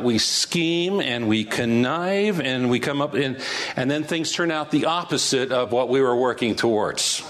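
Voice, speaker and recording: Man, pastor, Bible teaching, conversational, mid pitch, rhetorical questions. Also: a bit bright.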